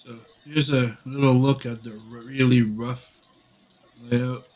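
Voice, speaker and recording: A man's voice: medium pitch, fairly even intonation, slow pace, darkish tone. Sick male streamer, casual rambling chat while drawing. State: sick with a cough. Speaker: comic artist streaming.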